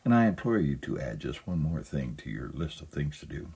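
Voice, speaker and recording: Very deep, husky male pastor. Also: big pitch swings, a little fast, a little mellow. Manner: humorous storytelling, chuckles at own jokes. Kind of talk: sermon with a humorous reading.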